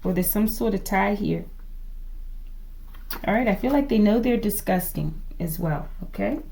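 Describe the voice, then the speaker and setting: Gravelly woman doing a chatty tarot reading. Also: mid-range voice, moderate pace. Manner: chatty, musing aloud, keeps addressing viewers as collective; asks the cards out loud to show her. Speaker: tarot reader. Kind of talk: casual tarot reading to viewers.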